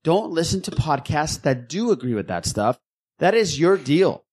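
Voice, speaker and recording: A man's voice: fairly high pitch, big pitch swings, normal speed, a little mellow. A man co-hosting a fan podcast, ranting in a heated casual way, swearing and repeating himself for emphasis. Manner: fired-up, profane, repeats himself. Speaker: podcast co-host.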